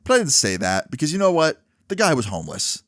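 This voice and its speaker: A man's voice: a little high, wildly swooping pitch, quick pace, a bit bright, no echo, studio quality. A young man telling a personal story casually, dropping "like" and "right?" often. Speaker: vlogger. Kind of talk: storytime monologue.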